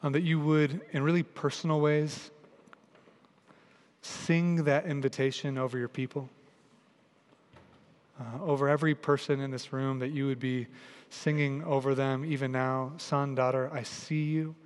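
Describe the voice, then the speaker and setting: A man preaching a sermon and leading a prayer in a large church, in an earnest, repetitive cadence that grows softer in prayer. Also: mid-range voice, little pitch movement, normal speed, long pauses. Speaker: pastor. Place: large church hall with a congregation. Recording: long reverb of a large church hall.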